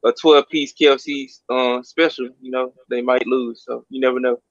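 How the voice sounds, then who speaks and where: A man's voice: medium pitch, level tone, normal speed, dry recording. A man with a mid-range voice on a casual sports panel. He cracks crude, jokey wisecracks. His audio sounds dry and a bit muffled.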